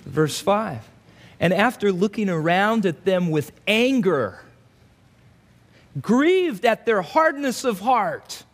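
A male pastor gives an expository sermon in a fairly high voice. He is animated and breaks into little acted-out voices for the people in his asides. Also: slow pace.

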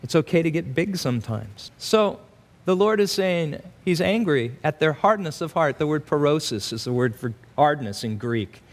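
A male pastor preaching an expository sermon in an animated way, acting out quoted asides in voices. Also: fairly high pitch, normal speed.

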